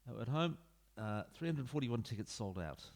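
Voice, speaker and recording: A man's voice: medium pitch, lively intonation, normal speed, a little mellow. A man giving casual, rambling commentary while playing a football management game at home, chatting to viewers with offhand asides. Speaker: gaming YouTuber. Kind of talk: casual let's-play commentary. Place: home room. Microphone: desk mic into computer.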